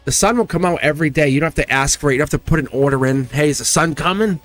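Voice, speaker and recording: A man hosting a live-streamed tarot reading. He talks straight to his viewers in an animated, chatty way and laughs often. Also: fairly high pitch, racing, soft background music.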